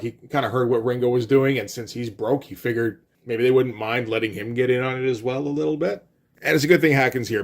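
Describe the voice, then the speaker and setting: Casual man recapping a comic. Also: medium pitch. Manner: conversational, quotes characters in a loose retelling, mild swearing. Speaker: comic book reviewer.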